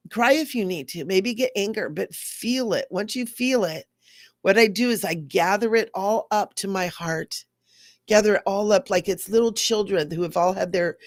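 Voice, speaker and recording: Gravelly-voiced woman giving a spiritual teaching talk. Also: medium pitch, no room sound, clean studio sound. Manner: earnest, acts out quoted voices.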